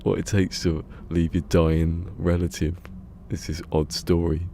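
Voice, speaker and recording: A man's voice: deep voice, little pitch movement, unhurried, creaky, dark tone, a little hiss or hum. A man streaming a building game, chatting casually in a rambling, self-mocking way. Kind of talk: casual live-stream chat while building.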